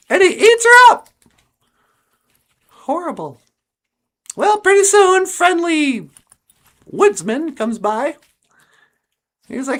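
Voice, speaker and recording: A woman's voice: high-pitched, very animated, slow, long pauses. A woman podcast host telling a story in a chatty, casual way, laughing often and filling in with asides.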